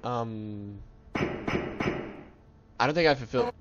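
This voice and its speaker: A man commenting excitedly on his own gameplay and reading game lines aloud in voices. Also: lowish voice, moderate pace, long pauses, lo-fi sound, crowd noise. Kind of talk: let's play commentary. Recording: game music playing behind.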